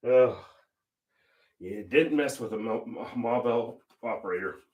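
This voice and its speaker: A man's voice: mid-range voice, slow pace, distant mic, narrow, tinny audio. An older man hosting a painting livestream, telling stories in casual chat and laughing often. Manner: chatty storyteller, laughs often. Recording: roomy echo.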